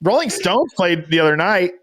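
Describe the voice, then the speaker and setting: A man's voice: high-pitched, very animated, moderate pace, a bit bright. A man co-hosting a podcast, bantering with offhand jokes in casual chat. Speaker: podcast co-host.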